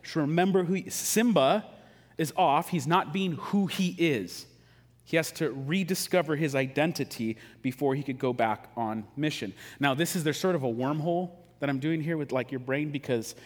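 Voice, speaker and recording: Chatty man preaching in an echoey hall. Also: medium pitch. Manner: casual, joking, conversational preaching. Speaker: pastor. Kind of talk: sermon.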